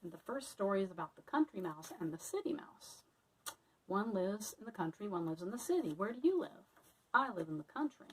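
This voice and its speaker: A woman teacher reads a children's storybook aloud, friendly and expressive. Her voice sits in a middle register, and she is heard from a little way off the mic. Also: medium pitch, brisk, slightly rough, distant mic, low-quality recording. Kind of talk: reading a picture book aloud to children.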